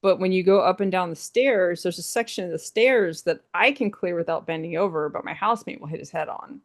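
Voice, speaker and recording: Host for a casual podcast: a mid-pitched, chatty, loose talker. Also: fairly quick. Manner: chatty, uses "like" often. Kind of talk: casual chat.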